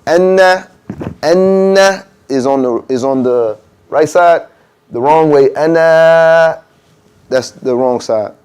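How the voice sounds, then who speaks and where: Teaching an adhan workshop in a mosque room, a man keeps a casual tone, checks in with "okay?" again and again, and demonstrates pronunciations aloud. He sounds medium-pitched, unhurried, mellow, clear and resonant.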